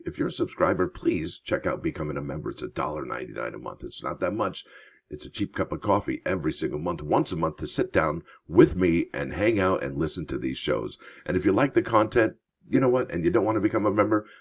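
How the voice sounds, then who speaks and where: A man hosting a coin and bullion channel, reading news items aloud and adding chatty, rambling asides as he thinks out loud. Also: rumbling low, husky. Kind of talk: casual commentary while reading news on screen.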